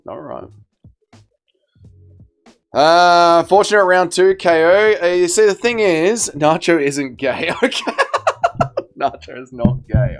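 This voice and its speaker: Guy hosting a fight watch party stream, pretty high voice, banters with chat and swears a lot. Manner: bantering, reads out chat messages, swears freely. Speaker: livestream host. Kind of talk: casual livestream chat reacting to fights.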